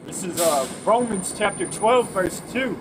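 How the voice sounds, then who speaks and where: A man's voice: high voice, expressive, measured pace. A man reading scripture aloud outdoors, then commenting on it in a blunt, casual way that includes swearing. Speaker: scripture reader at street preaching. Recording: outdoor street noise, passing traffic.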